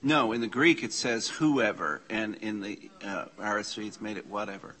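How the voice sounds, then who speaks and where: A man leading an informal church class, slowly reading out Greek scripture and explaining the grammar with casual asides. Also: fairly low pitch, pushed and bright. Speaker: Bible study teacher. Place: church meeting room.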